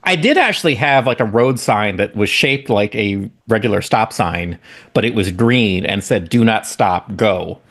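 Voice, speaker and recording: A man's voice: fairly low pitch, animated, unhurried, fairly bright tone. A man co-hosting a comedy podcast, playing the bemused straight man who feeds his partner questions. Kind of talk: improvised comedic bit.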